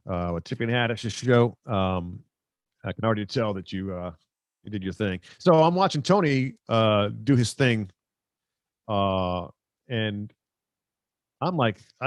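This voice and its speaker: A man's voice: medium pitch, dry recording. Rambling, joking middle-aged man, dry close mic. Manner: rambling, joking, self-mocking. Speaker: sportscaster hosting a live stream. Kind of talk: casual live-stream chat reading viewer comments. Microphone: close microphone.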